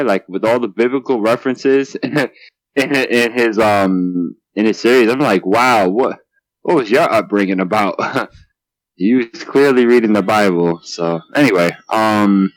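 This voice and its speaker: Young male co-host, deep voice, relaxed and slangy, dry recording. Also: moderate pace, dry recording, rough recording. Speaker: podcast co-host. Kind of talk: casual chat about manga.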